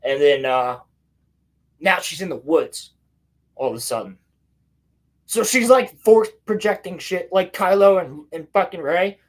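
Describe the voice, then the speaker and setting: Crude sarcastic podcast host. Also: male voice, high voice, animated. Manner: crude, sarcastic, acts out dialogue in quick asides. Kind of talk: casual chat, recapping a show.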